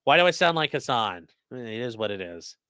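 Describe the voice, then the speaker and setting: A man's voice: medium pitch, sing-song, moderate pace, sharp tone, smooth, dry recording. A man hosting a true crime livestream, reading court papers aloud with sarcastic, profane asides. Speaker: host.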